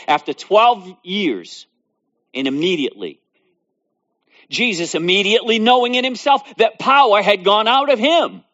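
Lively-pitched man preaching a sermon. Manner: reads scripture then expounds with repetition and rising emphasis. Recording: dull lo-fi recording.

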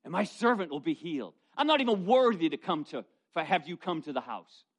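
A middle-aged male pastor preaching a sermon, telling folksy personal stories in an animated way. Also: high voice. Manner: storytelling, animated, folksy asides.

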